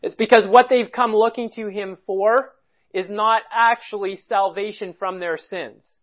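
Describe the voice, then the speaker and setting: A Bible teacher works through a passage at a deliberate pace, stressing each important word. The voice sits at a middle pitch, and the recording sounds dull and lo-fi. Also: steady tone. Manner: deliberate, explanatory, stresses key words.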